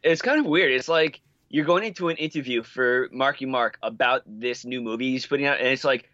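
A man co-hosting a casual chat podcast, relaxed and musing. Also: mid-range voice, a little fast, dry recording. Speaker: podcast co-host. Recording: dry, dull lo-fi call audio.

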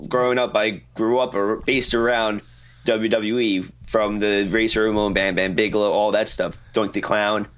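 A man's voice: lowish voice, level tone, normal speed, a bit bright. A young man co-hosting a casual podcast chat, eagerly offering hopes and suggestions, often starting with hesitant fillers. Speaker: podcast co-host.

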